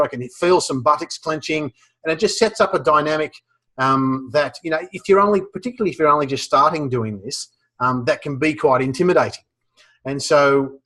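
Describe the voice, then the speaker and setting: Chatty Australian man, fairly high voice. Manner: relaxed, many fillers and restarts. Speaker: guest speaker on humor. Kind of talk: casual advice chat.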